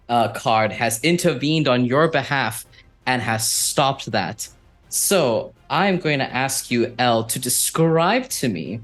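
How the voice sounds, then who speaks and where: A man runs a tabletop game as game master, taking his time and thinking aloud with plenty of fillers. His pitch sits mid-range and his delivery is slow. Soft music plays faintly underneath.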